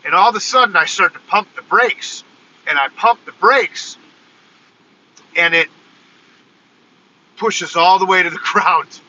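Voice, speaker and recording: Excitable man telling a story, bright voice. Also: high-pitched, unhurried, pauses often, muffled recording, a little hiss or hum. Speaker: vlogger. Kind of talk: casual storytelling vlog. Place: in a car, then walking outdoors.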